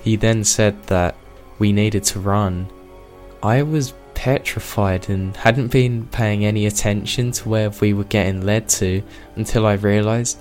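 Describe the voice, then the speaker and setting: A man narrating a submitted true scary encounter in a steady, measured storytelling manner. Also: on the low side. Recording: faint music bed.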